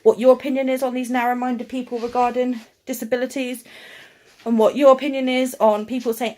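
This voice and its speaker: A woman's voice: high-pitched, level tone, brisk, dark tone. A young woman vlogging, ranting bluntly and heatedly to camera, with frequent swearing.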